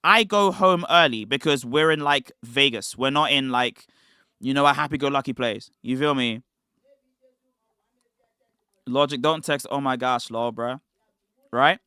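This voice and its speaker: A man's voice: medium pitch, sharp tone, clear, resonant tone, no room sound, studio quality. A young British man telling a rambling story in casual slang on his livestream. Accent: British English. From Britain. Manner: rambling, slangy, quick restarts. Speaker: streamer.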